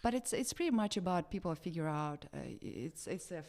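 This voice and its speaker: A woman with a Russian accent talks casually in an interview. Her voice sits slightly low, and her speech is full of fillers, restarts and lively bursts. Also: fairly quick. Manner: hesitant, many fillers and restarts, animated. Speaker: actress, interview guest.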